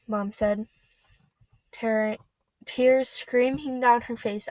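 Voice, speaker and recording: A woman reading a novel aloud, halting and stumbling over words as she goes. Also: fairly high pitch, level tone, darkish tone, no echo, poor audio. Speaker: reader.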